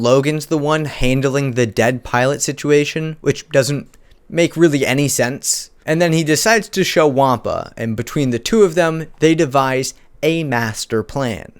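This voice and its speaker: Sarcastic male commentary host, incredulous, average pitch. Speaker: commentary youtuber. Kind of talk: comedic video commentary.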